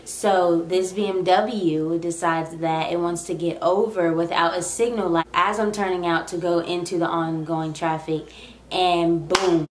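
A young woman tells a personal story in a chatty, rambling way. Her voice sits a little low for a woman. The room gives it a clear echo. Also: measured pace, a little hiss or hum. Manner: chatty, rambling, animated retelling. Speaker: vlogger. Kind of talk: casual storytime. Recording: echoey room.

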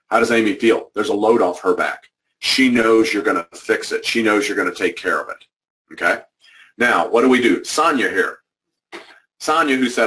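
A man's voice: medium pitch, a little fast, sharp tone. A man giving a motivational training talk to educators, emphatic and conversational, repeating his key points. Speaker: workshop presenter. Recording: distant microphone.

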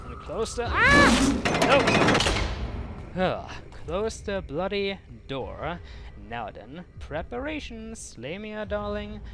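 A woman giving let's play commentary in theatrical, mock-formal phrasing, breaking into frustrated outbursts. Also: fairly low pitch. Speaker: gaming commentator.

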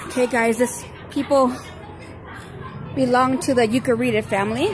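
A woman on a city street talking to her viewers as she films, sarcastic and ready to argue, with sharp rises in volume when she pushes back. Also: a little high, fairly even intonation, moderate pace, over music. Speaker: filming auditor. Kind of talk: running commentary to viewers while filming.

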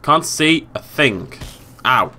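A British man commentating his gameplay, swinging from exasperated yelling to low muttering. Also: lively intonation, slow pace. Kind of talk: let's play commentary.

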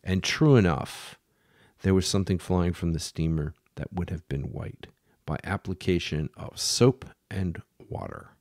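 Middle-aged guy, low gravelly voice, slow halting storytelling w lots of ums, dry sound. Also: a little mellow, no room sound. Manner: unhurried, halting with many fillers and restarts. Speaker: podcast host. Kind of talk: storytelling history talk.

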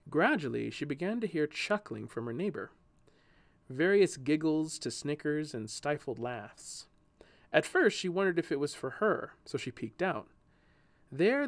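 A man narrating a children's style audio short story in an expressive, gently paced reading. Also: medium pitch, no room sound.

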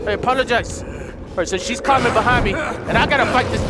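Man, let's play commentary, very high voice, excitable, swearing, loud game audio behind. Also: fast, a loud crowd, heavy background noise. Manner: excitable, swears, talks to the viewers, shouts at the game. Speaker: gaming video host.

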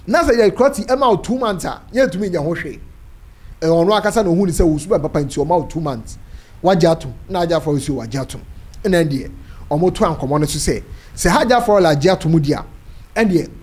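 A Ghanaian presenter retelling a court story, mixing Twi with English legal terms. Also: mid-range voice. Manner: animated, switching between Twi and English. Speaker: news presenter.

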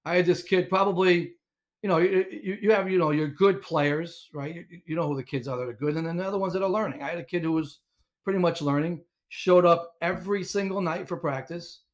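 A middle-aged man telling coaching stories as a podcast guest, animated and rambling with lots of restarts. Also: sits high, a little fast. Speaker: guest, inventor and former coach. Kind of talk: casual storytelling interview.

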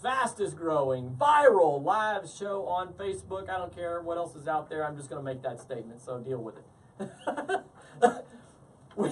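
A man hosting a live talk show, energetic and jokey, laughing often. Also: sits high, distant mic. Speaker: host.

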